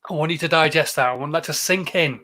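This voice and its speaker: A man's voice: a little high, fast talker, bright, forceful tone. A man hosting a live show, talking casually to viewers and greeting them with frequent filler words. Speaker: host of a live social media show.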